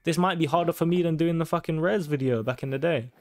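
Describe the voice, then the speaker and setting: A young man giving casual, sweary commentary on a hunting game and taunting the animals loudly. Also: a little high, quick pace. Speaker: gaming YouTuber.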